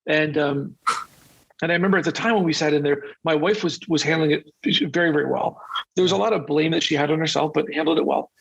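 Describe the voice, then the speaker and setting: A man's voice, somewhat high for a man, with a husky, gravelly texture. The recording is dull and muffled. He is a podcast guest, telling personal stories in an open, confessional way. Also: fast, fairly bright tone. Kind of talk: casual interview conversation.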